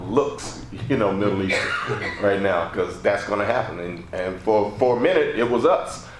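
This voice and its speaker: A man on a press panel giving a measured, reflective answer. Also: fairly low pitch. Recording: echoey room, some background noise.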